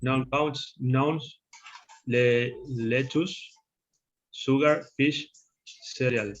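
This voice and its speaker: Slow Spanish-accented man reading words. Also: medium pitch, fairly even intonation, highs cut off. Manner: slow, careful reading of a word list. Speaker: student. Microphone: video call.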